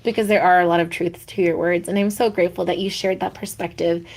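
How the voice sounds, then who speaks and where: A woman co-hosting a podcast, sharing personal stories in a warm, reflective way. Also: lowish voice, level tone, fast. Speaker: podcast co-host. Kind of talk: heartfelt podcast conversation.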